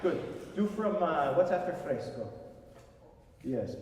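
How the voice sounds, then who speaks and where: A man conductor coaching a singer in a master class, emphatic and animated, often singing phrases to show them. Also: fairly high pitch, measured pace, loud music behind the voice. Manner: animated, emphatic, sings and speaks phrases to demonstrate. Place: concert hall. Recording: echoey hall from far off.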